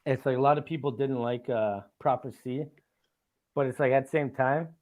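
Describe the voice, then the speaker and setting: A man's voice: mid-range voice, fairly even intonation, moderate pace, a little mellow. Laughy rambling podcast guy, mid voice, lots of likes and ums. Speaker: podcast host. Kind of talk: casual podcast chat.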